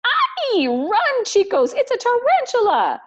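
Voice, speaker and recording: A woman voicing an excitable male piranha with a shrill, jumpy manner. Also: normal speed. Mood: panicked. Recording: dull lo-fi recording.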